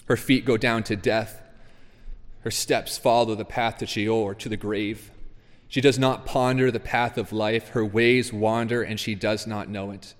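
A man's voice: on the low side, steady tone, measured pace. A man preaching a sermon, reading scripture aloud and pressing his points with earnest emphasis. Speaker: pastor. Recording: long reverb of a large hall.

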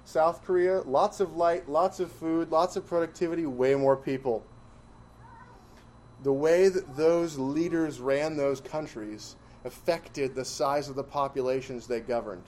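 A man preaching a sermon, emphatic and full of rhetorical questions, swinging between loud stresses and quiet asides. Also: a little high, steady tone, measured pace. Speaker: pastor.

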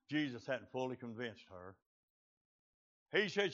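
A man preaching a fiery, folksy storytelling sermon, filling pauses with "uh" and shouts of praise. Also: medium pitch, big pitch swings. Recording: slightly muffled lo-fi recording.

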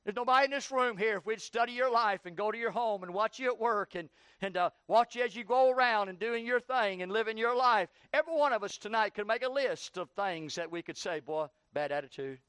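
Male pastor, high voice, fervent sermon delivery, dry close recording. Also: brisk, few pauses, fairly bright tone, clean tone, no echo. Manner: preaching with rising, heated questioning. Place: church.

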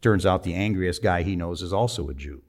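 A man in his sixties telling a personal story in a sermon, conversational and emphatic, with sudden drops to a low, quiet voice. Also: fairly quick, gravelly. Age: 60s. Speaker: preacher.

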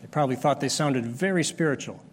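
A man preaching a sermon, explaining a Bible passage step by step and pausing to restart his phrases. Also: medium pitch, slight background noise. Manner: explanatory, rises sharply when acting out the disciples' scolding. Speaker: pastor. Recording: long hall reverb.

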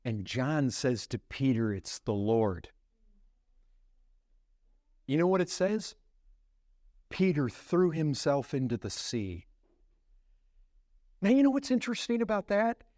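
Unhurried and with long pauses, a man preaches as pastor, his pitch swinging widely. He tells a vivid story, lets his voice go low and quiet, then grows more intense as he asks the congregation rhetorical questions.

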